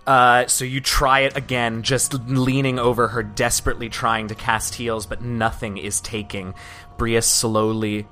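A man's voice: medium pitch, level tone, a little slow, sharp tone, faint music behind. Man running a spooky tabletop game. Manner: descriptive, with hesitant restarts. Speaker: game master.

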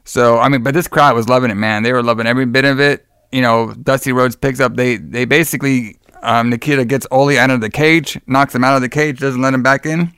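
Man, podcast co-host, excitable rambling, smooth voice, dry sound. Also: medium pitch, a little fast, few pauses, no echo. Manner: rambling, lots of "like" and restarts, excitable. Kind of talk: casual chat recapping a wrestling show.

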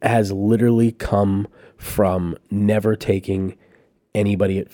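A man's voice: lowish voice, level tone, measured pace, mellow, no echo, clean studio sound. A man, a company founder and podcast guest, telling rambling, profane anecdotes in casual chat.

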